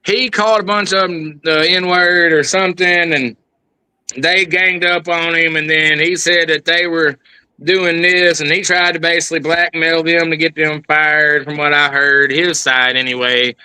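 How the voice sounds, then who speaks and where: Worked-up man swearing in a bright voice. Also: on the high side, level tone, a little slow, clean tone, no room sound, poor audio. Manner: profane, worked up, rambling. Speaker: guest. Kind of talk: heated casual chat.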